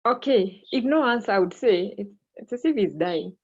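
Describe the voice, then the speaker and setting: A woman's voice: medium pitch, lively intonation, moderate pace, a little mellow, slightly rough. Woman teacher running an online class, keeps repeating students' answers, muffled call audio. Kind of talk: online English lesson. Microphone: video call.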